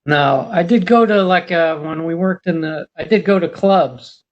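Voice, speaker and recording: A man's voice: a little high, moderate pace. A man on a show crew, talking hesitantly and poking fun at himself. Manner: hesitant, self-deprecating. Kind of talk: casual chat. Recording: dull remote line.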